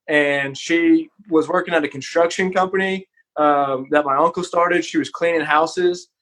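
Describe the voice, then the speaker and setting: A man's voice: a little high, fairly bright tone. A man from Texas, a podcast guest, telling an earnest, candid story in a casual, conversational way.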